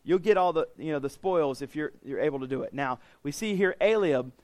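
A male preacher teaching through scripture, his voice sitting a touch high for a man. He talks in a loose, conversational way, paraphrasing the passage in everyday words and often restarting his phrases. The sound is close and dry, with no room echo. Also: a little fast, darkish tone. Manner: frequent restarts and repeated words. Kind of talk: sermon, Bible teaching.

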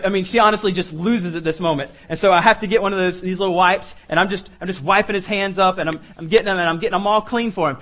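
A high-pitched man delivers a sermon. He talks through a homely family story in an earnest, conversational way, then builds into emphatic, pleading calls to his listeners. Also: a bit bright. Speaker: pastor.

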